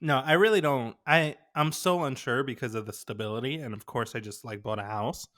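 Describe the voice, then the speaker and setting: A young adult man who co-hosts a podcast and works as a graphic designer chats casually, telling rambling stories loaded with fillers. His voice is medium pitch and fairly bright, and he talks a little fast.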